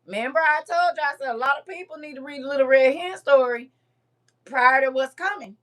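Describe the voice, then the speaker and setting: Teasing, lively woman livestream host. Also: high-pitched, brisk. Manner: lively, teasing, laughs often, reads chat aloud. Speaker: livestream host reading viewer comments. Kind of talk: casual livestream chat.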